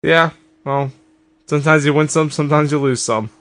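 A man's voice: fairly high pitch, steady tone, normal speed, a bit bright. A man co-hosting a comedy podcast, trading dry, teasing quips. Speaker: podcast co-host.

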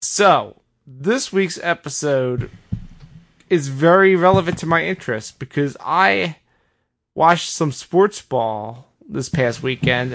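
Guy hosting a comedy podcast, exasperated and animated, kinda high voice. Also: vocal fry. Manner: exasperated, mock-outraged, animated. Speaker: podcast host.

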